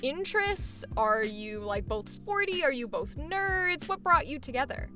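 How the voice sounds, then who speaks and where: A woman's voice: sits high, very animated, unhurried, music in the background. A woman voice acting coach giving chatty, encouraging feedback in a coaching session. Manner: encouraging, chatty, uses many fillers.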